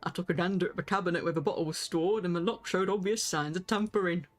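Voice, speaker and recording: Woman playing a gravelly inspector, northern, gruff, hard-boiled game detective, pitched down. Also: quick pace, faint music behind, close to an everyday voice.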